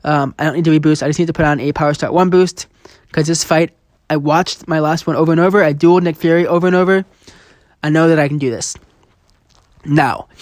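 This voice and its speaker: A man's voice: fairly high pitch, a little mellow, no echo, clean studio sound. Frustrated young man narrating his gameplay. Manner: frustrated, replays his own reactions. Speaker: gaming channel host. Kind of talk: game commentary over gameplay.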